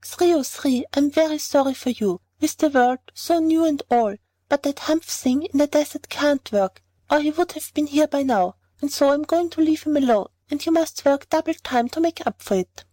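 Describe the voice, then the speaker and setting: A woman voicing a solemn man speaking to the animals in a storybook fable, with a lowered voice. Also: normal speed, hardly any pauses, dark tone, no echo, close to an everyday voice, low-quality recording. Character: grave male man addressing the animals.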